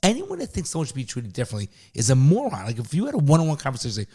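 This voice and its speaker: A man's voice: mid-range voice, huge pitch swings, rapid-fire, dark tone, breathy edge. Heated, swearing middle-aged male podcaster. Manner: heated, profane, repeats words when worked up. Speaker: podcast co-host, father. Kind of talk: casual podcast chat.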